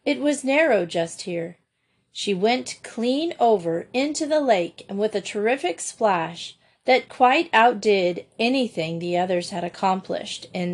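Slow, measured woman reading a storybook. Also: medium pitch. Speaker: audiobook narrator.

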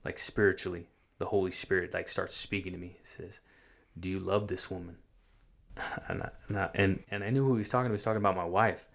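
A man telling a personal faith story in casual chat, earnest and halting, often repeating his words. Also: low voice, steady tone, gravelly, fairly bright tone. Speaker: guest sharing testimony.

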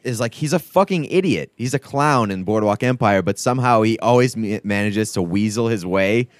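Low male voice, laid-back rambling co-host, dry studio sound. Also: animated, normal speed, no room sound. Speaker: podcast co-host. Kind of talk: casual chat.

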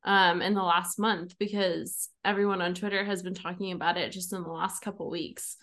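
A woman's voice: fairly low pitch, flat delivery, normal speed, fairly bright tone. A young woman hosting a podcast, chatting casually with friends and laughing often. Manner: giggly, chatty, many "like"s. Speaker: podcast host. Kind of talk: casual chat.

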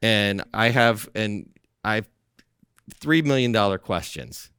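A man as a podcast guest, telling a story in an animated, persuasive way and acting out the dialogue. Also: fairly low pitch, takes it slowly, clear, resonant tone, dry recording, studio quality. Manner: animated, acts out dialogue from his own story. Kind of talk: storytelling in conversation.

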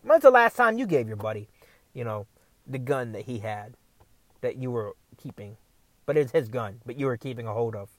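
A man's voice: mid-range voice, animated, normal speed, dry recording. A man rambling sarcastically to the camera from a parked car, stammering, repeating himself and swearing a lot. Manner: repetitive, stammering, frequent swearing. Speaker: vlogger.

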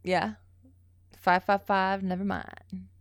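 Young woman co-host, mid-pitch, rambling and profane, dry sound. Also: flat delivery, takes it slowly, no room sound. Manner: loose, profane storytelling with many fillers. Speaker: podcast co-host. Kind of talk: casual chat.

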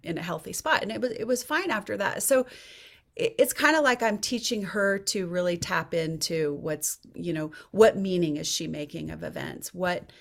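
A woman in her forties speaks as a therapist guest in a podcast interview. Her voice sits a little low, and she talks thoughtfully, often stopping and restarting as she hunts for an example. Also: moderate pace, gravelly.

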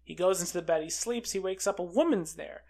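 A film reviewer recapping a movie in a casual, excitable way, full of fillers like "uh" and "like". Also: medium pitch, a little fast, gravelly. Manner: chatty and excitable, with many fillers like "uh" and "like".

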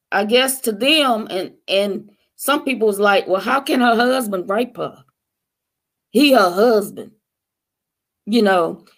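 A woman's voice: mid-range voice, a bit bright. A woman sharing her personal testimony as a guest on a talk show, telling her story in an earnest, emotional way.

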